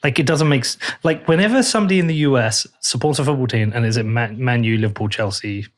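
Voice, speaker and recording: A man's voice: medium pitch, fast. Blunt, jokey man hosting. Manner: blunt, jokey, swears casually. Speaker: podcast host. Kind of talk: casual interview chat. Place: in-person recording at a table in a room.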